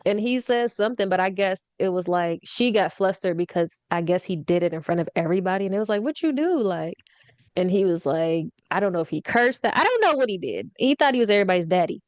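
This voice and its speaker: A woman's voice: lowish voice, fast talker, no room sound. A young woman hosting a podcast, telling a story in casual chat, acting out quoted lines and laughing often. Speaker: podcast host.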